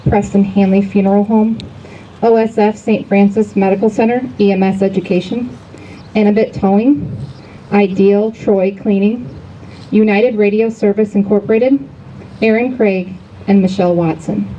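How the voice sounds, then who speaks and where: A woman announcing sponsors and instructions to students at an outdoor school assembly, in a clear, even manner over muffled audio. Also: medium pitch, normal speed, a little hiss or hum. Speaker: event announcer. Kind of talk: public announcement reading a sponsor list.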